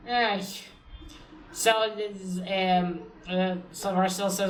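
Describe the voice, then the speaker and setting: A woman with an Israeli accent giving a casual, animated spoken review, ranting and swearing in exasperation. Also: medium pitch, extremely slow, recorded from a distance. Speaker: comic reviewer. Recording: roomy echo, off-mic.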